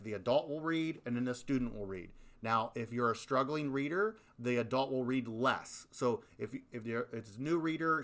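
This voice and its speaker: A man's voice: mid-range voice, a bit bright. A man, a school principal, explaining a reading program to parents in an emphatic way, repeating and stressing key words.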